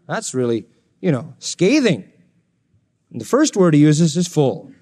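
A male pastor preaching an expository sermon, animated and jokey, slipping into mocking sarcastic voices. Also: on the high side, a little slow, breathy edge. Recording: long reverb of a large hall.

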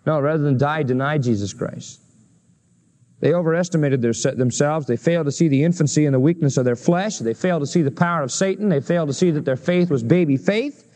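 Guy preaching a bible sermon, kinda high voice, earnest, gets pitchy and emphatic on the big lines. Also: fast, warm tone.

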